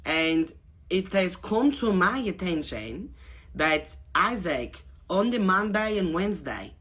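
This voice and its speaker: A woman's voice: on the low side, sing-song, slow pace, fairly bright tone, slightly rough, full character voice. A woman making a prank call, putting on a thick, odd foreign accent and broken grammar as a pushy neighbor who keeps saying "honey." Her voice stays insistent throughout.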